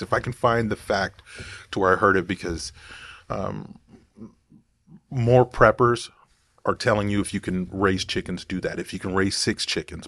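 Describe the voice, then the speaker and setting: A man's voice: sits low, a bit bright, no room sound. A man talking casually to camera in a rambling, digressive way, thinking aloud as he goes. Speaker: vlogger.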